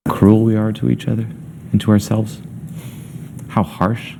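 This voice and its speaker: In a coaching session, a young self-help coach addresses a group with a lowish, creaky, dark voice, speaking flatly and without hurry. He is blunt and emphatic, swears freely, and fires off many rhetorical questions.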